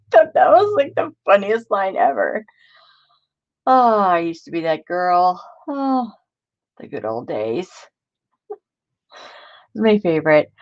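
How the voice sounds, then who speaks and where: A woman's voice: mid-range voice, sing-song, slow, long pauses, muffled recording. A woman hosting a casual live stream, chatty and laughing often as she greets viewers by name. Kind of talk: casual live-stream chat while crafting.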